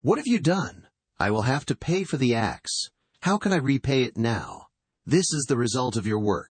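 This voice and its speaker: A man's voice: fairly low pitch, huge pitch swings, normal speed, breathy edge, no room sound, exaggerated voice. A man voicing a scolding, exasperated father who works in the forest, in a storybook reading. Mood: angry. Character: scolding older father, woodcutter, quick-tempered.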